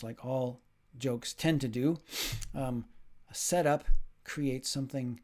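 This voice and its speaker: A man's voice: medium pitch, unhurried, darkish tone. A man speaking as a linguistics professor in a recorded video lecture, explaining ideas step by step and acting out short example dialogues.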